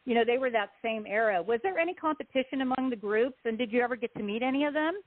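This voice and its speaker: A woman's voice: a little high, quick pace, no echo. A woman radio host asking questions in a casual interview, reacting with enthusiasm. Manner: enthusiastic, laughing. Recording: dry phone-like line.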